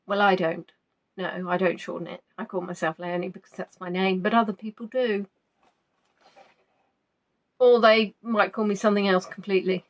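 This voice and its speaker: A woman's voice: medium pitch, a little fast. A woman hosting a live quiz, reading out viewers' answers in a chatty, playful way and musing between questions. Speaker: quiz host.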